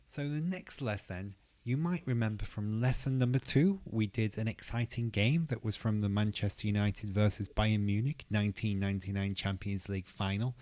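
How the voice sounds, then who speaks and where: A man teaching English pronunciation, who says each word slowly and carefully and repeats it twice. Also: on the low side, darkish tone. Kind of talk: pronunciation lesson.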